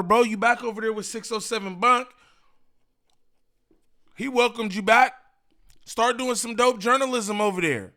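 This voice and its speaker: A man hosting a commentary channel, talking in an animated, rambling, slangy way with lots of repeats. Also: high-pitched. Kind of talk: casual reaction commentary.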